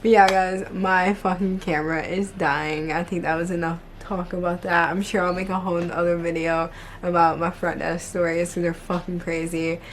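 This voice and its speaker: A woman's voice: on the low side, flat delivery, moderate pace, slight background noise. A young woman vlogging to camera, telling work stories bluntly, with heavy swearing and constant "like". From United States. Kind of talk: casual storytelling to camera.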